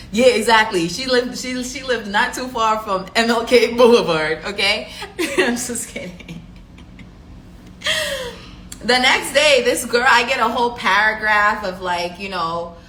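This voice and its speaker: A woman's voice: mid-range voice, moderate pace, reverberant, slight background noise, low-quality recording. A woman telling a story to her viewers in a casual, chatty way, acting out what each person said and filling gaps with "like" and "you know.". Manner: animated, chatty, full of fillers, acts out quotes.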